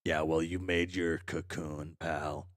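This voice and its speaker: A man reading aloud as a furious, foul-mouthed young male troll, ranting and swearing at himself in shouted tirades. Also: rumbling low, level tone, takes it slowly, dry recording, studio quality. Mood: bitter.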